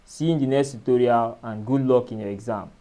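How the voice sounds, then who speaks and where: A man teaching an exam-prep lesson, speaking in a measured way and spelling out letters and syllables. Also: mid-range voice, warm tone. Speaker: exam tutor.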